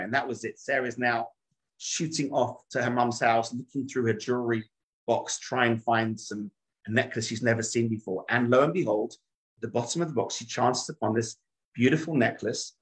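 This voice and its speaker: A man's voice: medium pitch, fairly even intonation, normal speed, low-quality recording. A middle-aged man, a rabbi, telling a story in a talk with dramatic shifts of voice.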